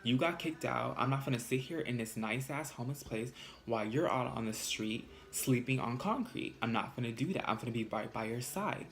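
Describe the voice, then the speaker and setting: A man's voice: medium pitch, fairly quick, slight background noise. A young man from California telling a sassy, swearing storytime vlog with lots of fillers. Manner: animated, sassy, swears freely. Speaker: vlogger.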